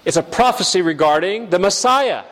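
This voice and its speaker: A man preaching a sermon, telling a story in an animated way and then putting questions to the room. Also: high voice, moderate pace, big-room sound. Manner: animated storyteller, bleats like a lamb.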